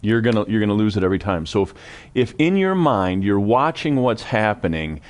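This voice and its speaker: Lowish-voiced guy hosting a christian talk show, earnest, talks straight to the viewers. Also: sing-song, a little fast. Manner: earnest, exhorts the audience directly.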